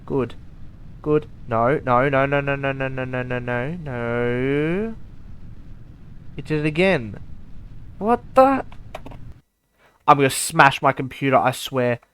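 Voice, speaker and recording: A man's voice: mid-range voice, measured pace, fairly bright tone, smooth. A man giving live commentary over a space game, talking straight to his viewers, by turns muttering and exclaiming in exasperation. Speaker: gaming YouTuber.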